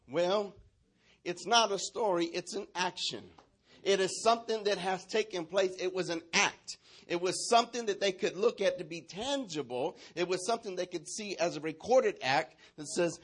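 A man's voice: sits high, lively intonation, moderate pace, husky. A man preaching a sermon as pastor, emphatic and repetitive, calling out lines for the congregation to repeat.

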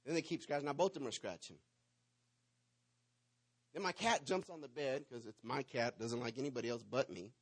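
A man, preaching to his congregation and telling a lively personal story, swinging between loud bursts and hushed asides. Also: mid-range voice, brisk, long pauses, breathy edge. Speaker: pastor.

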